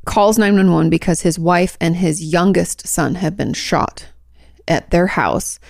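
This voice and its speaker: A woman's voice: on the low side, a little slow, vocal fry, darkish tone, no room sound, studio quality. A young adult woman co-hosting a podcast, chatting casually and rambling through stories with lots of fillers. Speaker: podcast co-host. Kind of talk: casual chat.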